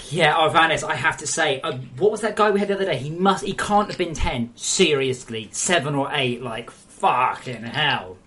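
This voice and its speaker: A woman's voice: sits low, lively intonation, normal speed, a bit bright, slight background noise. A woman game developer chatting bluntly and swearing freely while she streams live coding, muttering to herself over the code.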